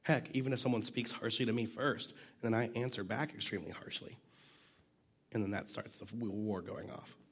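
A man's voice: lowish voice, fairly even intonation, moderate pace, a bit bright, breathy edge. A man teaching a Bible passage in a casual, conversational way, fighting a cough and sometimes dropping to a near whisper. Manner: conversational, self-deprecating, drops to near whisper at times.

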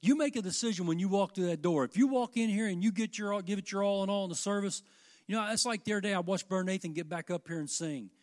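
A man's voice: sits high, fast talker. Fervent older male preacher. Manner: fervent, rising and falling delivery. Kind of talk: sermon.

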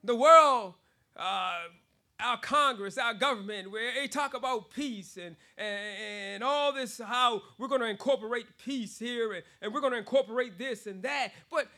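A man preaches a sermon in a very high voice that rings sharp and bright, keeping a moderate pace. He stays animated, laughing between phrases and hammering words home through repetition.

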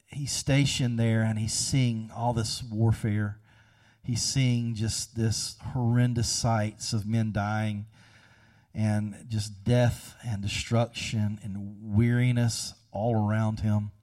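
A man preaching a sermon, telling a story and swinging between hushed, slow passages and loud, emphatic ones. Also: mid-range voice, distant mic. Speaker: pastor.

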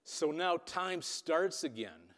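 A man's voice: a little high, lively intonation, takes it slowly. Man preaching in a reverberant hall. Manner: dramatic storytelling with shifting loudness. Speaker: pastor. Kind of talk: sermon. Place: church hall.

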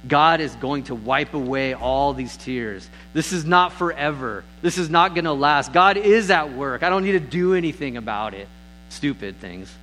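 A man's voice: expressive, normal speed, pushed and bright, low-quality recording. A man preaching a sermon as pastor, earnest in tone, lifting his voice when he reads scripture aloud. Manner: earnest, rises in pitch and volume on scripture readings.

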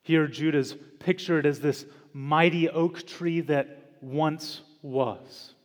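A man preaching a sermon as pastor in a church, slow and deliberate, with dramatic pauses and emphatic repetition. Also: on the high side, steady tone. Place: church sanctuary. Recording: long church reverb.

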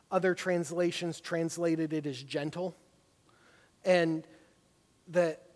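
High-voiced man leading a class. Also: darkish tone, big-room sound. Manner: conversational, many "you know" fillers. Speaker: class teacher. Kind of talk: leading a Bible study class.

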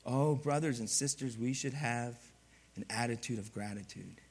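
A pastor preaching a sermon, animated and humorous, swinging from hushed to loud. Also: male voice, mid-range voice, moderate pace, slightly rough.

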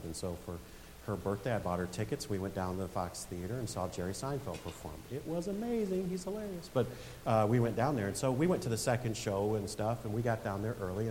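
A man's voice: fairly low pitch, darkish tone. A man in his forties preaching a sermon as a pastor in a church, telling a story and building to emphatic points. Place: church sanctuary. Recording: long hall reverb with faint hiss.

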